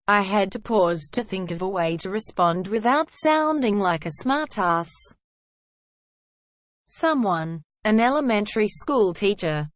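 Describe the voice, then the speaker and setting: A woman's voice: medium pitch, no room sound. Woman reading stories in a dry voice. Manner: even, steady reading that voices "quote" and hashtags. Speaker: narrator. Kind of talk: reading online stories aloud.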